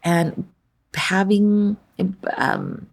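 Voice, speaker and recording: A woman's voice: medium pitch, fairly even intonation, very slow. A woman guest in a podcast interview, earnestly telling a personal story and often restarting her sentences.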